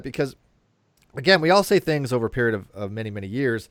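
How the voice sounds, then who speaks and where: A man's voice: medium pitch, very animated, fairly quick, a bit bright, clean tone, no echo. A man hosting a casual panel discussion, explaining ideas at length with frequent fillers and restarts. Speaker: host.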